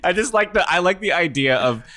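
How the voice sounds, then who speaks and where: A man's voice: sits high, animated, brisk, sharp tone, no room sound, studio quality. A man from Ohio co-hosting a casual podcast chat, laughing often and riffing on jokes. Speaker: podcast co-host.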